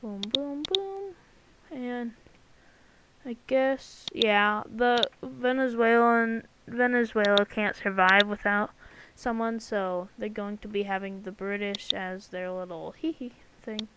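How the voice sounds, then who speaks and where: A woman's voice: mid-range voice, flat delivery, slow pace, noisy background. A woman giving casual, rambling commentary over an alternate-history map, joking and full of fillers and sound effects. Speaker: channel host.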